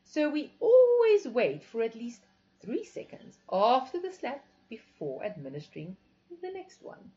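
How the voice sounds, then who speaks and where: A woman's voice: a little high, wildly swooping pitch, unhurried, dark tone, pitched above the performer's own voice. A woman voicing a sultry, commanding female instructor who gives teasing, authoritative instructions. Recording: dull lo-fi recording.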